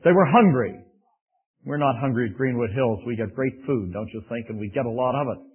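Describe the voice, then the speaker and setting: A man preaching a sermon, animated and raising his voice for emphasis, with folksy asides. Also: medium pitch, a little fast, husky, narrow, tinny audio.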